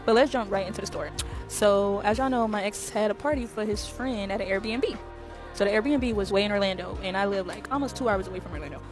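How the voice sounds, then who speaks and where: Quick, chatty woman telling a storytime. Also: mid-range voice. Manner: chatty, addresses viewers as y'all. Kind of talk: casual storytime. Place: airport.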